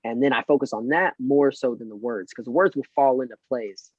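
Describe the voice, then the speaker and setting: A relaxed male actor talks as a podcast guest, rambling and filling gaps with "you know" and "kind of." His voice sits mid-pitch and sounds dry and a bit dull, like a lo-fi mic. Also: a little fast, husky, no echo. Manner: relaxed and rambling, with many fillers. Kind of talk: casual interview chat.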